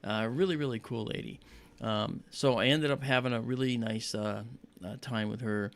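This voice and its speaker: A man with a medium-pitched, steady voice talks at normal speed while hosting a live astronomy stream. His chat is casual, rambling and friendly, packed with fillers, and he greets viewers by name.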